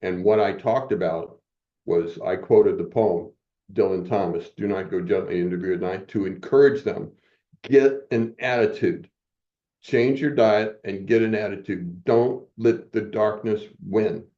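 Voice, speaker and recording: A man's voice: fairly low pitch, a little slow, dark tone, lo-fi sound. A man in his seventies telling personal stories as a podcast guest, motivational and acting out quoted dialogue. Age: 70s. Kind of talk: personal storytelling in a podcast interview.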